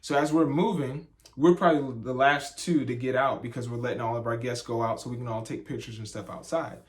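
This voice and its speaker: A young man chatting casually on a couple's vlog, telling a story with lively energy and acting out the voices of the people in it. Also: medium pitch, a little fast. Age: young adult. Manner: animated storyteller, acts out voices in quotes. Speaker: vlogger, husband. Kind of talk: casual sit-down chat.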